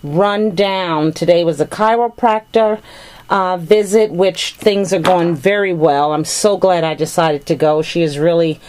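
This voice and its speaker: A woman's voice: lowish voice, a little slow, a little mellow. A middle-aged woman chatting casually while unboxing a gift package, gushing with thanks over each item. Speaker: vlogger opening a gift package.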